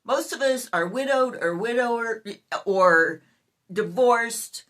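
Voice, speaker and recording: A woman in her fifties rants to her viewers in a casual vlog. She talks in an exasperated, animated way and breaks into sudden outbursts. Her pitch swings widely from line to line. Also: slow. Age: 50s. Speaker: YouTuber.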